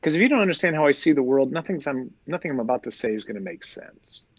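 A man who is a priest, explaining his faith in a lively conversational way, full of rhetorical questions. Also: medium pitch, fast talker, dry recording, muffled recording. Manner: animated storyteller, rhetorical questions. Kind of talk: conversational teaching.

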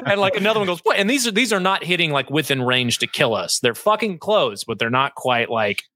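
Man, casual storytelling, bright tense voice, dry close sound, lively and profane. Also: a little high, a little fast, no room sound. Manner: animated, laughing, heavy swearing, acts out quotes. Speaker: airsoft player recounting an event.

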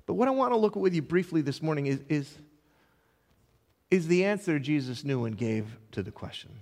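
A middle-aged man, a pastor, preaching a sermon with passion, stumbling over repeated words and swinging between loud and soft. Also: on the high side, expressive, brisk. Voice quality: impassioned, with dramatic swings in loudness and repeated words. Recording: long hall reverb.

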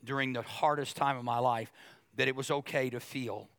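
A middle-aged male pastor preaching a sermon, animated and jokey, acting out other people's voices as he goes. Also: mid-range voice, normal speed, dry recording, studio quality.

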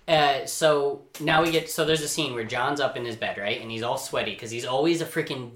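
A man's voice: mid-range voice, fairly quick, a bit bright, a little hiss or hum. A man on a podcast recapping a movie in a rambling casual way, acting out the characters' lines. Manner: rambling storyteller, acts out quotes. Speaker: podcast co-host. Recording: roomy echo.

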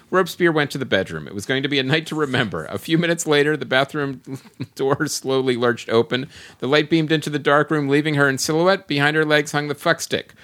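A man's voice: a little high, sharp tone. A man hosting a podcast, reading listener comments aloud in a mock-grand way and often breaking into laughter. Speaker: podcast host.

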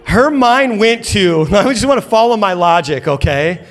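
A man's voice: high-pitched, lively intonation, moderate pace. A man in his thirties preaching a sermon in a church auditorium, telling a funny story with lots of energy and playful acted quotes. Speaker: pastor.

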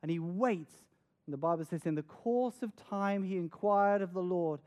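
A man's voice: high-pitched, normal speed, a little mellow. A man preaching a sermon, earnest and dramatic, often repeating words as he stresses a point. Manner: dramatic, acts out scenes with raised voice.

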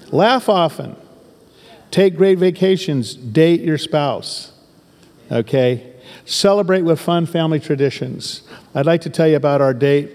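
An older man in his sixties, from southern Oregon, preaches as a pastor in an emphatic, folksy way, driving points home through repetition. His voice sits a little high for a man. The sound carries a long echo from a church hall. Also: darkish tone. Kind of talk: sermon.

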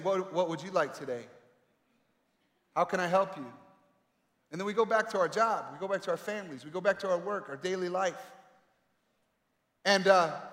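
A man preaching a sermon with emphatic delivery and dramatic pauses, swinging between loud calls and quiet asides. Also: high-pitched. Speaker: pastor. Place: large echoey hall. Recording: echoey hall with long reverb.

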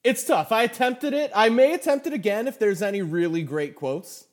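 A young man co-hosting a casual podcast, playful and quick to laugh. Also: high-pitched. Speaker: podcast co-host.

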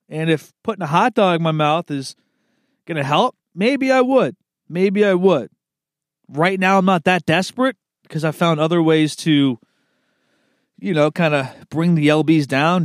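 Laid-back cursing guy, slightly high voice. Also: no echo, clean studio sound. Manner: laid-back, swears freely, says "man" and "dude" a lot; chuckles at his own slips. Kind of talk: casual rambling monologue.

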